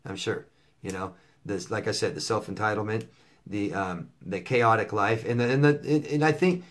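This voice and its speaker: A man's voice: fairly low pitch, moderate pace. A man coaching in a casual to-camera Q&A, blunt and profane, repeating himself with lots of fillers. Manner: blunt, profane, repetitive phrasing; conversational with many fillers and restarts. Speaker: life coach answering viewer questions.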